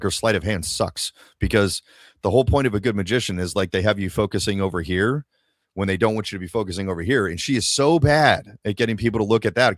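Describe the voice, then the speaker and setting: A man's voice: lowish voice, no room sound. Man, podcast host, exasperated, swears a lot, dry close sound. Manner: profane, exasperated ranting. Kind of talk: casual podcast chat.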